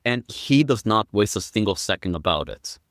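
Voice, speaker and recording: A man as a guest on a film podcast, explaining step by step and building up to excited quoted lines. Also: fairly low pitch, moderate pace, no echo, clean studio sound. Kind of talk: casual film review chat.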